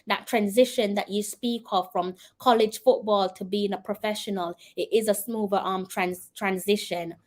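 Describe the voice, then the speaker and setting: A woman's voice: mid-range voice, fairly even intonation, moderate pace, hardly any pauses. A woman from Jamaica with a Jamaican accent, hosting a live-stream commentary, answering viewer comments in an earnest, persuasive way and talking straight to her viewers. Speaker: host.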